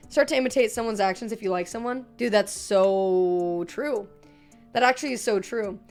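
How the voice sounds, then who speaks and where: A woman's voice: mid-range voice, normal speed, darkish tone, soft background music. A young woman streaming from her room at home, chatting casually with viewers, reading chat aloud and joking between giggles.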